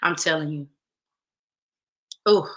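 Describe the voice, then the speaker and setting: Bright-toned woman host, emphatic and repetitive. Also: low-pitched, takes it slowly. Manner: emphatic, repeats phrases, speaks directly to viewers. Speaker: show host. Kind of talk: casual talk show monologue.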